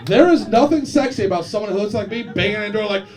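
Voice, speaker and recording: A man's voice: high-pitched, lively intonation, quick pace, a little mellow, far from the mic. A man doing a crude, self-deprecating stand-up routine on a comedy club stage, bantering with the crowd. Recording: live club with crowd laughter. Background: audience laughter.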